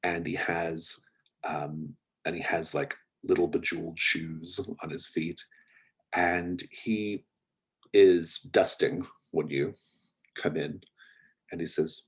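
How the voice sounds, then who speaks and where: A man's voice: deep voice, steady tone, slow, breathy edge. A man narrating as game master of a tabletop role-playing game, rambling with many fillers and restarts.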